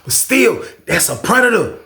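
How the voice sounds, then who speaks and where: A man spins a casual storytime, animated and full of profanity, leaning on the same catchphrases again and again. His voice sits a bit high, with a gravelly edge. It rings off the walls of an echoey room. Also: normal speed. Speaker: storyteller, channel host.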